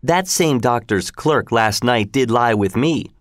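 A man voicing a lively young waiting-woman in a storybook reading, with a playful, high-pitched delivery. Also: measured pace, dry recording, clean studio sound, lightly acted. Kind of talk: storybook read-aloud.

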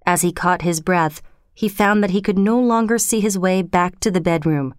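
A woman narrating an audiobook in a measured, expressive reading. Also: fairly low pitch, clear, resonant tone, no room sound, clean studio sound.

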